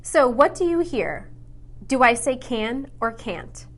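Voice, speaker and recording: A woman teaching English pronunciation in a scripted lesson, reading example sentences slowly and carefully enunciated. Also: a little high, very animated, a bit bright.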